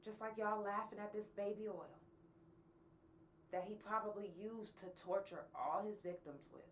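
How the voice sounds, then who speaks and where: A woman's voice: mid-range voice, moderate pace, distant mic, a little hiss or hum. A woman hosting a podcast, talking bluntly and angrily to her listeners and swearing often. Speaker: podcast host. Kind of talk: candid monologue to listeners.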